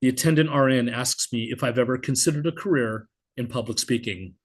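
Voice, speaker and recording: Expressive male spoken-word poet. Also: medium pitch, brisk, husky. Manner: expressive, vivid delivery with blunt swearing. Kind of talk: spoken-word poetry reading. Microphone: video call.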